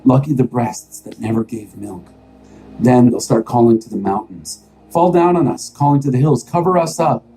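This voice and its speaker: A man reading aloud voices a calm, quiet male teacher who speaks softly, with faint music behind. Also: mid-range voice, moderate pace, slightly rough, close to an everyday voice, low-quality recording. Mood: grave. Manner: hushed, soft-spoken.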